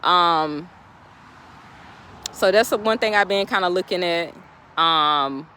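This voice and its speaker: A woman motivational speaker, talking outdoors in an animated, laughing vlog pep talk. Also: lowish voice, takes it slowly, pauses often. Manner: animated, laughing often, talking straight to viewers. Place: outdoors, birds in background.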